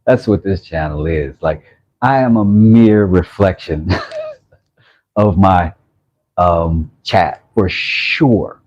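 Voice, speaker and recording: A man with a low, husky voice hosts a casual livestream, rambling and joking at his own expense as he reads out viewer messages. The sound is dull and muffled. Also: slow, darkish tone. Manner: rambling, self-mocking, reads chat messages aloud. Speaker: woodworking livestream host. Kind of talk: casual livestream chat, reading comments aloud.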